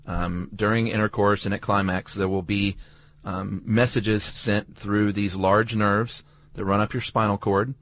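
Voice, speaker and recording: A man's voice: fairly low pitch, level tone, a little slow, fairly bright tone. A man co-hosting a podcast, chatting casually about science with wry, joking asides. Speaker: podcast co-host.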